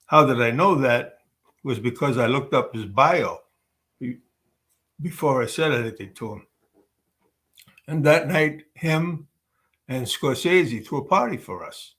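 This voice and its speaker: A man's voice: medium pitch, animated, a little slow, pauses often, fairly bright tone. A man, an actor, telling casual anecdotes on a webcam call, rambling with many fillers and restarts. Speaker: actor guest.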